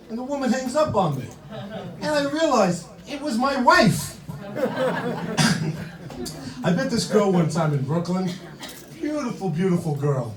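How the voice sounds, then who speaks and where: A man's voice: high voice, sing-song, unhurried, pauses often, a crowd in the background. An older man doing a punchy, conversational stand-up comedy routine on a club stage. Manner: punchy, conversational joke delivery. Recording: roomy hall, mic from far.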